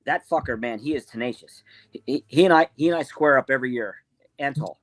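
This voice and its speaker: A man's voice: medium pitch, brisk, fairly bright tone, no echo. A man in a casual podcast chat, laid-back and chatty, swearing now and then.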